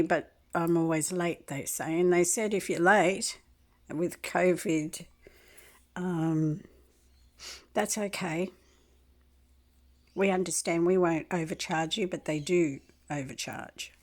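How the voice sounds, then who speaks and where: Slow-talking woman in her sixties. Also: fairly low pitch, a little mellow. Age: 60s. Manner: meandering, clears throat often. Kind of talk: rambling complaint to camera.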